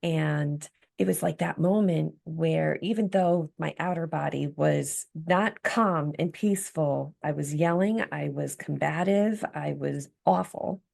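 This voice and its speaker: A woman with a low, gravelly voice tells her own recovery story in a candid interview. She speaks earnestly and reflectively, with a spiritual note. The tone is steady and heartfelt. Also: measured pace, hardly any pauses. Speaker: guest, empowerment coach.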